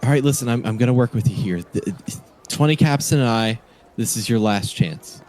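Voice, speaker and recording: A man's voice: medium pitch, brisk, darkish tone, natural voice. A man voicing a pushy male raider boss in an elf costume who bargains insistently, in a tabletop game.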